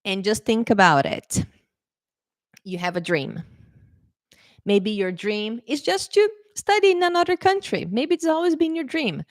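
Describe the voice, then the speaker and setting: A woman English teacher talking casually to camera. She sounds lively and coaxing, often checking in with "okay?" and "right?". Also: on the high side, unhurried, long pauses, no room sound, studio quality.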